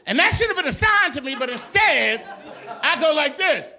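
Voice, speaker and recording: A man doing a stand-up comedy set on a club stage, telling a story with lively delivery and mimicking the voices and accents of other people. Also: extremely high pitch, normal speed, some chatter behind. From New York.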